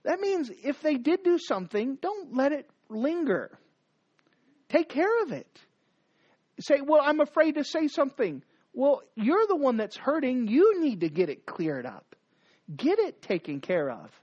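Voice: high-pitched, big pitch swings, unhurried, darkish tone, lo-fi sound. A preacher giving a sermon, exhorting the listeners with repeated commands and rhetorical questions.

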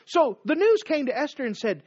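A man preaching a sermon, swinging between hushed lines and raised, emphatic ones. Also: very high voice, sing-song, a little fast, dry recording. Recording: dull dry recording.

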